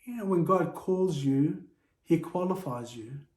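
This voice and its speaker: A man's voice: on the high side, lively intonation, a little slow, darkish tone. A man preaching a sermon in a church, earnest and exhorting his listeners. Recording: echoey church room.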